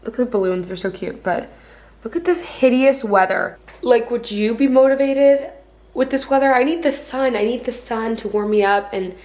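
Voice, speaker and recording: A young woman in her twenties chats to a handheld camera at home, casual and bubbly. Her voice sits a touch high, and she strings thoughts together with plenty of "like" and easy fillers. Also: moderate pace, darkish tone. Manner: chatty, bubbly, heavy use of "like". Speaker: vlogger. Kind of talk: casual vlog chat. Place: at home, indoors.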